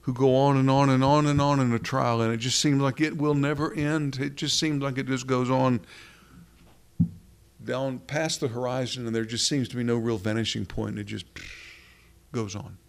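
A man's voice: mid-range voice, fairly even intonation, normal speed, vocal fry, smooth. A man preaching a sermon in an earnest, rhetorical way, repeating questions for emphasis.

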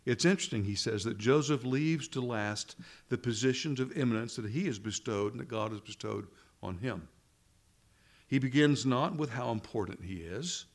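A man's voice: mid-range voice, moderate pace. A man preaching a sermon in an earnest way, asking rhetorical questions and repeating phrases for emphasis.

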